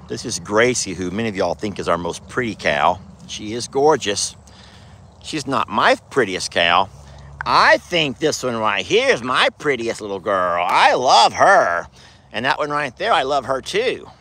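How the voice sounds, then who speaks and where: A man's voice: fairly low pitch, sing-song, moderate pace, bright, forceful tone. Chatty man on his ranch. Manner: chatty, affectionate, talks sweetly to his cows. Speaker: ranch owner and vlogger. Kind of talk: casual vlog walking among cattle. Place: outdoors on a cattle ranch.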